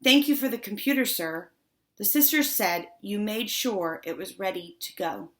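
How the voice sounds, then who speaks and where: A woman's voice: medium pitch, lively intonation, normal speed, natural voice. A woman voicing a blunt, tomboyish fifth-grade girl who stumbles over her words, in an audiobook. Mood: awkward. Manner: hesitant, stumbling.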